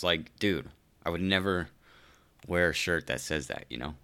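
Sarcastic, swearing podcast ranter. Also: male voice, low voice, normal speed, bright, forceful tone, clear, resonant tone. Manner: exasperated, sarcastic, swears a lot, says "dude". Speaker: podcast host. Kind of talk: profane comedic rant.

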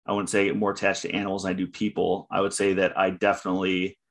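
A man co-hosting a podcast in casual chat, deadpan and teasing dryly. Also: deep voice, quick pace. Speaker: podcast co-host.

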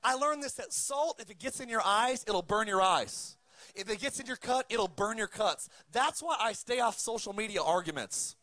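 A man preaching a sermon, calling for amens and punching his points with shouted peaks. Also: sits high, expressive, moderate pace, dry recording. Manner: emphatic preaching with amen calls and shouted peaks. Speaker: pastor.

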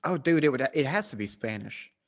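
A man's voice: medium pitch, expressive, fairly quick. A man with a Southern American accent, hosting a casual podcast chat and laughing often. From United States. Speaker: podcast host.

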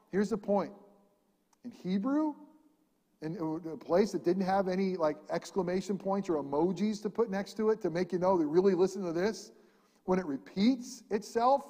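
High-voiced preaching man in a reverberant hall. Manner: animated preaching, swinging between loud emphasis and quiet. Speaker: pastor. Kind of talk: sermon.

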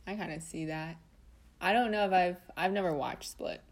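Young woman rambling about movies, kinda low voice, lots of likes. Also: normal speed. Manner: rambling, lots of "like" and "I don't know". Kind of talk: casual chat.

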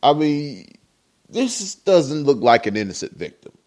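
A man's voice: a little high, big pitch swings, measured pace, a little mellow. A man hosting a podcast, giving rambling, opinionated commentary with many fillers. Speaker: podcast host. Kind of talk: casual commentary.

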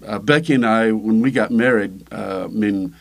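An older man, a pastor, talking casually in an interview, halting with many fillers and restarts. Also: on the low side, gravelly.

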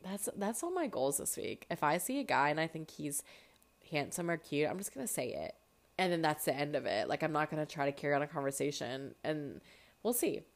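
A woman's voice: low-pitched, brisk. A young woman in her twenties with a slightly stuffy nose, chatting casually as a podcast host and filling her talk with "like". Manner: chatty, lots of "like", animated asides. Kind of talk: casual chat.

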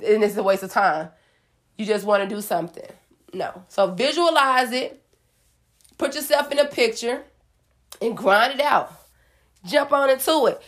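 Woman vlogger, slightly high pitch, sassy preachy pep talk with dramatic pauses. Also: fairly bright tone. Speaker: motivational vlogger. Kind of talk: casual motivational talk to viewers.

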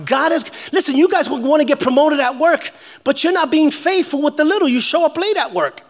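A pastor in his forties preaches in a high, bright-pitched voice. He jokes with the congregation and shouts his declarations with energy. He is from New York. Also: a little fast. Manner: animated, joking, shouting declarations. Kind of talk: energetic sermon.

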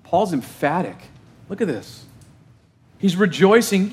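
A man's voice: fairly high pitch, very animated, unhurried. A male pastor preaching a sermon in an emphatic, conversational way, often asking his congregation questions.

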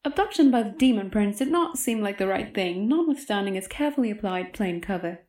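A woman reads a stretch of narration in a calm, measured voice. The recording has a roomy echo around it. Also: mid-range voice, a little hiss or hum. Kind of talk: scripted narration. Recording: echoey room.

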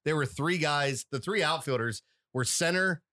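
A man's voice: on the high side, normal speed, pushed and bright, dry recording, studio quality. A man co-hosting a casual podcast, talkative, laughing often and explaining baseball at length. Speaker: podcast co-host. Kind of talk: casual chat.

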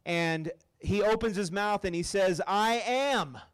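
High-voiced man giving a casual sermon. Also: slow pace, clear, resonant tone. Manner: casual, joking, keeps asking the crowd "right?". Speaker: campus ministry speaker. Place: campus meeting room.

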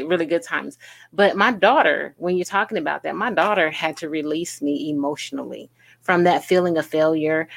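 A woman's voice: low-pitched, fairly bright tone, no room sound. A middle-aged woman co-hosting a podcast, telling a personal story in a rambling, emotional way. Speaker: podcast co-host. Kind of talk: casual chat.

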